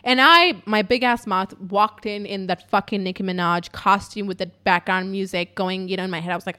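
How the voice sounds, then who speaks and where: A woman's voice: mid-range voice, normal speed, few pauses. Young woman just ranting a story at home, swears a lot, super chatty. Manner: chatty, profane, animated storytelling. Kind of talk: casual storytime monologue. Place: apartment.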